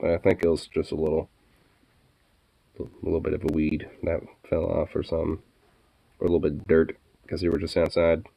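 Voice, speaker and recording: Deep-voiced laid-back man. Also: monotone, fairly quick, gravelly, long pauses, warm tone. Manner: laid-back, swears casually, coos at his pets. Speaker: vlogger. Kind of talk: casual chat.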